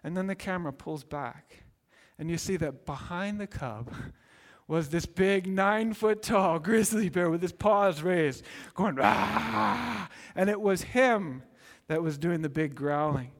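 High-voiced preacher in a reverberant hall. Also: male voice, unhurried. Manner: earnest storytelling, builds to excited peaks. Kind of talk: sermon.

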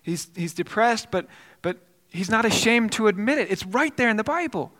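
A man's voice: sits high, lively intonation, moderate pace, a bit bright, long reverb tail. A male pastor preaching a sermon, telling a story earnestly with frequent repeated words and restarts.

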